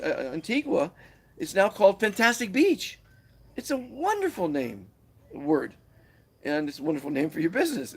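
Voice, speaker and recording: Man, motivational speaker, gravelly and husky voice, preachy live pep talk with lots of restarts. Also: a little high. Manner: animated, preachy, stumbling restarts. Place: Guatemala, where he lives.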